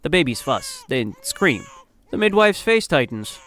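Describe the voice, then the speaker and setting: A man's voice: a little high, big pitch swings, unhurried, fairly bright tone. A man narrating a dramatic story in the second person, in a grave, somber manner.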